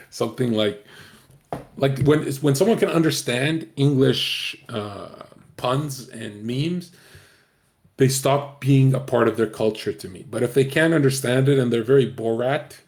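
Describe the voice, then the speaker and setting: A man's voice: mid-range voice, a little mellow. A man streaming, rambling through casual commentary to his viewers, profane and joking.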